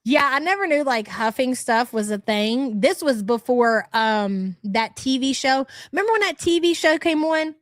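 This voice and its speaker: A woman's voice: sits high, lively intonation, normal speed, few pauses, no echo, studio quality. A woman hosting a casual livestream, reading her chat and ranting bluntly with lots of swearing and frequent laughs. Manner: blunt, profane, exasperated ranting; laughs often.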